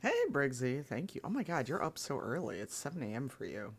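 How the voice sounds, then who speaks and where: A man streaming live, chatting casually with viewers in a rambling, laid-back way, his voice gravelly this morning. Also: medium pitch, lively intonation, a little fast, hardly any pauses. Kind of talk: casual chat.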